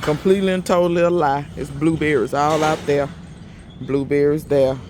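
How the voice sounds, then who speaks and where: A man's voice: a little high, fairly even intonation, normal speed, background noise. A man chatting to viewers in a casual, folksy gardening vlog, recorded outdoors in his yard. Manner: chatty, folksy, talks straight to viewers as y'all. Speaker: gardening vlogger.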